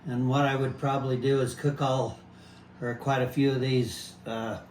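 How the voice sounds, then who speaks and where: Older man calmly explaining kitchen prep. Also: medium pitch, slight background noise. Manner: plain, unhurried explaining, often restarts sentences. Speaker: home gardener showing pumpkin prep. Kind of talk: casual demonstration chat.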